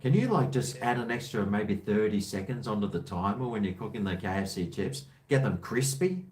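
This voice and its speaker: A man's voice: fairly low pitch, animated, brisk, darkish tone. An Australian man from Brisbane hosting a casual call-in show, with jokey, blokey banter. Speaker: host of a call-in livestream.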